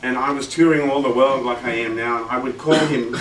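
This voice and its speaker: A man's voice: medium pitch, steady tone, a little fast, slight background noise. A man who is a guitarist, giving a workshop in casual teaching talk, chatty, sounding out rhythms with his voice. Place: music shop event room. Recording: roomy room, distant mic, guitar playing.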